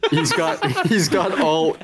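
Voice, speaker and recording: A man's voice: fairly high pitch, wildly swooping pitch, takes it slowly, over a noisy crowd. A man making blunt, wry remarks in a casual podcast chat.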